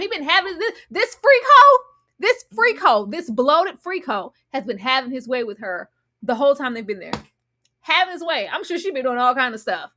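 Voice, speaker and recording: Woman, reality show reviewer, sassy, slangy, animated, slightly high voice. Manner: animated, sassy, slangy, with sudden loud outbursts. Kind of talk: casual commentary.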